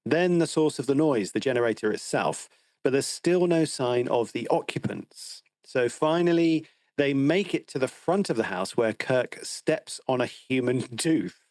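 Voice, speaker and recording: A man's voice: medium pitch, expressive, measured pace, darkish tone, no echo. A man co-hosting a film podcast, recapping the plot in a wry, teasing way. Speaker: podcast co-host. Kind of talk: casual film discussion.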